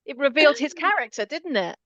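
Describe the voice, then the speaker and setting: A woman's voice: sits high, expressive, quick pace, no echo. Woman, slightly dull call audio. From England. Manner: warmly agreeing, many short affirmations. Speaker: guest, transformational coach. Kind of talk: casual chat on a video call. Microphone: video call.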